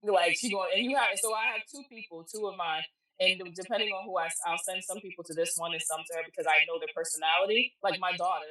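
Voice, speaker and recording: Animated, blunt woman in an echoey room. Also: on the low side, fast talker, distant mic. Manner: blunt, animated, swears casually. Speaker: podcast guest, spiritual reader. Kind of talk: casual storytelling interview.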